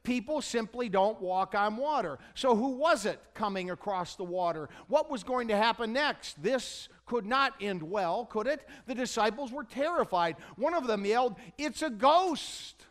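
A man's voice: high voice, animated, normal speed, hardly any pauses. A male pastor preaching a sermon in a church, retelling a story with humorous asides and questions to the congregation. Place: church sanctuary.

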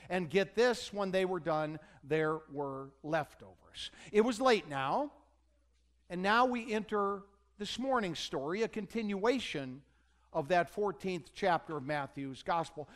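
A high-pitched man preaching to his congregation in a church. He tells the story like a storyteller and keeps dropping in wry jokes and questions to the listeners. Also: a bit bright. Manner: storytelling with humorous asides. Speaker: pastor. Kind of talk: sermon. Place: church sanctuary.

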